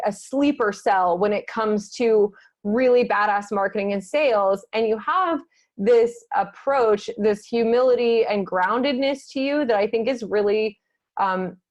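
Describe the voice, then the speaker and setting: A woman hosting a podcast interview, enthusiastic and casual, swearing freely. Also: mid-range voice. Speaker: podcast host.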